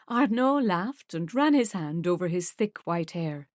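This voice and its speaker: A woman narrating a romance audiobook in measured, even storytelling. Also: fairly low pitch, dry recording, studio quality. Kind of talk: scripted narration.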